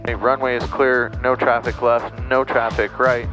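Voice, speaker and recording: A man's voice: medium pitch, little pitch movement, moderate pace. A man piloting a small plane at night, chatting with his crew and making radio calls in a joking, easygoing way. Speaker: pilot and host. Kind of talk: casual cockpit chat and radio calls. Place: small plane cockpit in flight. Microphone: aviation headset. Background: music.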